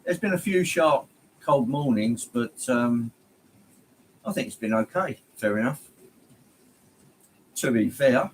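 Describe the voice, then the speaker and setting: A man's voice: mid-range voice, animated, takes it slowly, pauses often, slight background noise, rough recording. Chatty man hosting a livestream. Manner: rambling and friendly, greeting viewers by name, many ums. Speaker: livestream host. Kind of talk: casual livestream chat. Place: home hobby room, indoors.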